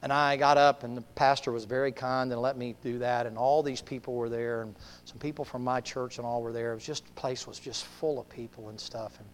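A man with a Southern US accent, a preacher telling a story in a folksy, humorous way, swinging from hushed to shouting. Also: medium pitch, slight background noise. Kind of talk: storytelling sermon. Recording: long hall reverb.

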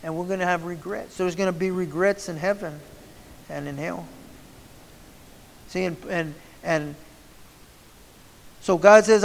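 A man's voice: high voice, steady tone, unhurried, vocal fry, pauses often. A man preaching a sermon in a fervent, repetitive way, often restarting mid-phrase. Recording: long hall reverb.

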